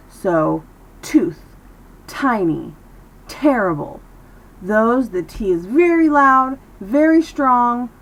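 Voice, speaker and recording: Woman, pronunciation teacher, slow and careful, lively pitch. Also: rough recording. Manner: slow, careful, repeats sounds for the learner. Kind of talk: English pronunciation lesson.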